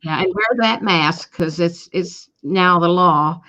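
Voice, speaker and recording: A woman's voice: on the low side, takes it slowly, pushed and bright. A woman hosting a casual online talk show, asking her guest questions in a friendly way and reading out viewer comments. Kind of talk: casual chat show interview. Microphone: webcam on a video call. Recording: dull lo-fi call audio.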